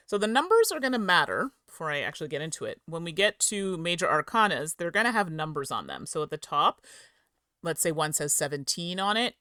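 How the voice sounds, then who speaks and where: A woman's voice: low voice, pushed and bright, clean tone, dry recording, clean studio sound. A woman hosting a live game stream, chatting with viewers, explaining rules, giggling and tripping over words at a home streaming setup. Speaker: streamer and host.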